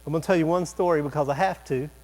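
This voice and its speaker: A man with a high-pitched voice preaches from a church, telling a comic story about his family. He keeps it animated and jokey, with quick asides to the congregation. A low electrical hum sits under the recording. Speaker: pastor. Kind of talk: sermon storytelling. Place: church sanctuary.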